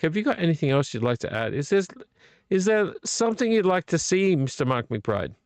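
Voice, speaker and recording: A man's voice: a little high, vocal fry, no echo. A man hosting a late-night live vlog, a bit tipsy from beer, rambling and blunt and swearing freely. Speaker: livestream host.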